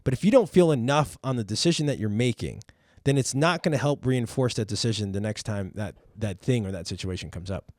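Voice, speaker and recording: A man's voice: fairly low pitch, animated, fairly quick, a little mellow, dry recording, clean studio sound. A man, a parent and podcast host, tells a personal story in casual chat, rambling, repeating words and swearing freely.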